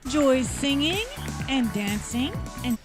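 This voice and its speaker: A woman narrating a TV show with a bright announcer delivery. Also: high-pitched, lively intonation, slow pace. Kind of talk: scripted TV narration. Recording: TV clip played with music under it. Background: music.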